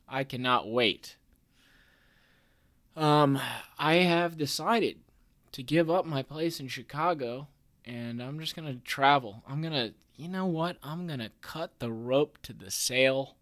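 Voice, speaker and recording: A man's voice: medium pitch, a little slow, a bit bright. A man hosting a casual sports podcast, talking in a playful, jokey way and hyped about his team. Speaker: podcast host.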